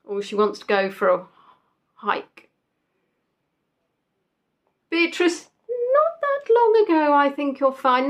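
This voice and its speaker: Chatty woman hosting a quiz. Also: sits high. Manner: chatty, reads out answers, jokes with players. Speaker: quiz host. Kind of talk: casual live quiz chat.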